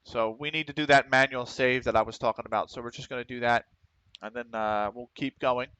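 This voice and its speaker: A man with a Philadelphia accent giving casual commentary while streaming a game, talking quickly and running his words together, often clearing his throat. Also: medium pitch, fairly even intonation, bright, forceful tone, dry recording, lo-fi sound. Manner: fast, runs words together.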